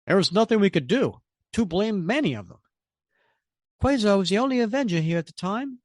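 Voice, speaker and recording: An anxious male butler hurries through bad news, urgent and apologetic, as a man reads him from a comic. His voice sits a little high. The sound is dry. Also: expressive, fairly quick, no room sound.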